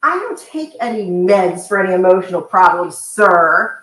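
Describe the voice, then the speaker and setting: A woman co-hosting a podcast, telling stories to her husband in an animated, exasperated way. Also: fairly low pitch, moderate pace. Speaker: podcast co-host. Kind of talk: casual couple banter. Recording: roomy echo.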